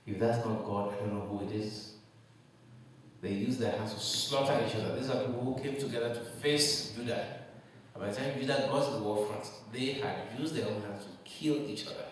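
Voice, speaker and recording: A pastor preaching in a low voice, building his points with emphatic rhetorical questions. He is heard from some distance off the mic, and his voice rings around a large, echoing church hall with a long reverb tail. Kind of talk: sermon.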